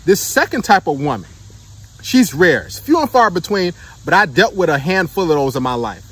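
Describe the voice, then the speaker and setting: A man's voice: a little high, a bit bright, husky. A man giving a preachy monologue of dating advice to the camera, emphatic and repetitive, checking in with his listeners as he goes. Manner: emphatic, repeats points and checks in with "right?" and "okay?".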